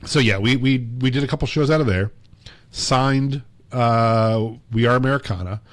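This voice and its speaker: A man co-hosting a podcast tells long, casual stories full of fillers and acted-out quotes. His voice sits in the mid-range, his pace is moderate, and there's no echo.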